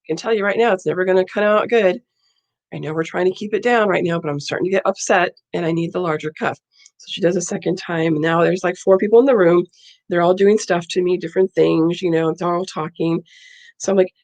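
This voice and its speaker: A woman's voice: fairly low pitch, quick pace, darkish tone. A woman vlogger telling a story in a casual, blunt and indignant way.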